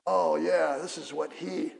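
A man's voice: on the high side, steady tone, unhurried, vocal fry, a little mellow, pitched below the performer's own voice. A male pastor voicing a scheming male devil who plots a temptation, in a sly, conspiratorial way. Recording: long reverb of a church hall.

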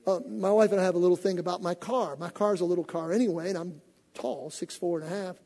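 Brief: man, pastor type, high and husky, animated storytelling sermon, church hall reverb. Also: fast talker. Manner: animated storytelling, acting out voices. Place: church sanctuary.

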